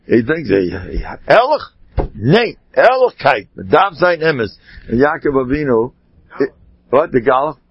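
A man giving an informal Torah talk, telling rambling stories with animated asides. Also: mid-range voice, unhurried. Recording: dull lo-fi sound.

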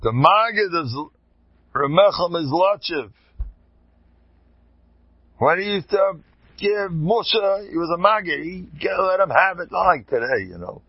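A man giving an informal Torah talk, animated and digressive, with chuckling asides, on a dull lo-fi recording. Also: fairly high pitch, measured pace, pauses often, dry recording. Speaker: religious lecturer.

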